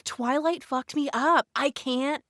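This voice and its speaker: A woman's voice: high voice, slow, a bit bright, no room sound. Podcast guest, woman, emphatic fan gush with swearing, dry close mic. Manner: gushing, emphatic, swears freely. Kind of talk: casual chat.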